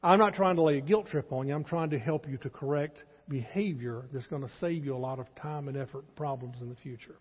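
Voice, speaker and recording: A man's voice: mid-range voice, fast, hardly any pauses, slightly rough. A man in his sixties with a Texan accent, preaching a sermon as pastor in an earnest, pleading way and repeating his key points. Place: church sanctuary. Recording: dull lo-fi church sermon with long reverb.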